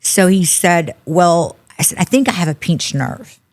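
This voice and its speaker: With a lowish voice and an unhurried delivery, a middle-aged woman shares a personal story as a podcast guest. She's an animated storyteller, voicing the quoted dialogue of the people involved.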